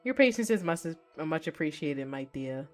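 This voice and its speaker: A woman voicing an aloof, formal male shadow monster in a game, speaking in a measured, condescending way. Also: low-pitched, animated, soft background music.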